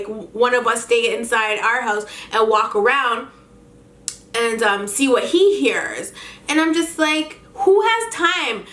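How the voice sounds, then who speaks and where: An exasperated woman tells a storytime rant, her voice sitting a little high. She keeps firing incredulous rhetorical questions. The room around her is echoey. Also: a bit bright. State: pregnant. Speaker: vlogger.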